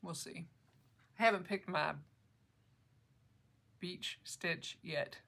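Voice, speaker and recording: A chatty middle-aged woman talks through her stitching projects on camera at home. Her voice is bright and forward, and she jokes and laughs her way along. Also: lowish voice, slow pace, vocal fry. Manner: chatty, joking, laughs often. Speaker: flosstube vlogger. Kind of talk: casual chat about cross-stitch projects.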